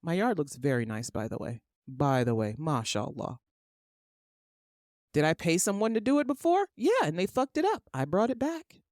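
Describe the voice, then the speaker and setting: A woman's voice: deep voice, sing-song, normal speed, darkish tone, no echo, clean studio sound. A middle-aged woman hosting her own podcast, ranting emphatically and with exasperation, swearing freely. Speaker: podcast host. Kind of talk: ranting solo podcast monologue.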